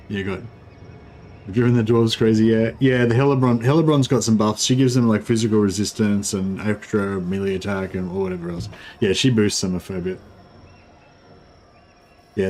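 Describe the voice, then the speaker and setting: A man's voice: on the low side, darkish tone, a little hiss or hum. Rambling male game streamer. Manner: rambling, filler-heavy, explains game mechanics. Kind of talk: casual live-stream commentary.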